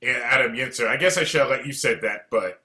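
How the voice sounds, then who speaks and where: A man hosting a podcast, introducing the guests in a relaxed, halting way over a video call. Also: mid-range voice. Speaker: podcast host. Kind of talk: casual chat, introducing guests.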